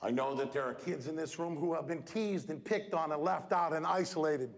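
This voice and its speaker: A man giving an energetic, emphatic motivational speech at a school assembly, speaking straight to the students. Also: on the high side, fairly quick. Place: school gym or auditorium. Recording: echoey hall, crowd noise. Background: student audience.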